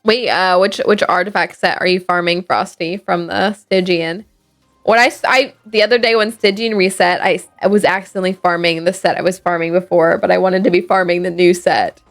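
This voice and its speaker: A woman's voice: fairly low pitch, fairly even intonation, a little fast. A woman streaming a game, chatting casually and sleepily, rambling with fillers and restarts. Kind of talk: casual gameplay chat. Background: faint game music.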